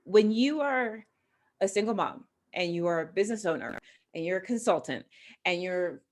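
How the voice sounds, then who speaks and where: A woman hosting a conversational podcast interview, telling stories animatedly and acting out the voices she quotes. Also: medium pitch. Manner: animated storyteller who acts out quoted voices. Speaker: podcast host.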